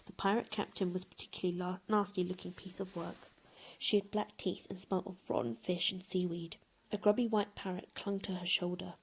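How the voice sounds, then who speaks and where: Lady reading a kids story out loud, soft breathy voice. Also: fairly low pitch, a little fast. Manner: gentle expressive reading. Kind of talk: children's story read-aloud.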